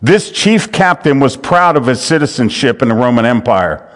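A man's voice: medium pitch, animated, moderate pace. A man teaching a Bible study from handouts, earnest and often repeating words as he restarts his phrases.

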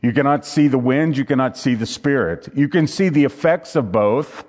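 A man preaching to his congregation in an emphatic, repetitive way. He reads scripture passages aloud and teaches from a handout. His pitch sits at an ordinary middle height for a man. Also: lively intonation, moderate pace, darkish tone.

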